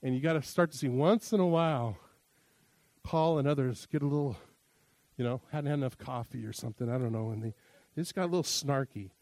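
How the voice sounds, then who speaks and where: This middle-aged male pastor talks fairly quickly in a medium-pitched, darkish voice, with no room sound in the recording. Teaching a sermon on how to interpret scripture, he keeps it conversational and jokey and performs quoted lines.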